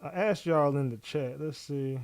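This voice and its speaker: A man's voice: a little high, measured pace, clean tone, no echo. Profane New York man on a livestream. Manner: profane, animated, talks to chat. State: out of breath. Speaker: livestream commentator. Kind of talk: casual live commentary reading trial updates.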